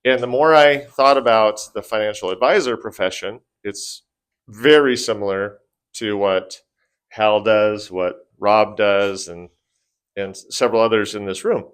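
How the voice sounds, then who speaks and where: A man's voice: lowish voice, unhurried, clear, resonant tone. A financial advisor telling a group his personal story in a conversational way, with fillers. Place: event room with an audience.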